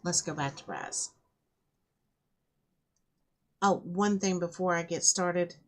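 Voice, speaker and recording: A woman's voice: fairly low pitch, moderate pace. A woman with a scratchy throat, an author reading her own novel aloud after a casual, welcoming intro to her viewers.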